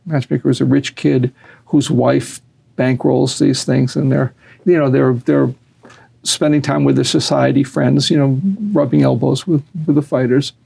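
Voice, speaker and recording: A man's voice: little pitch movement, normal speed, gravelly, mellow, husky. A man telling a long story animatedly, raising his voice when he acts out what others said. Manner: acts out quotes with raised pitch.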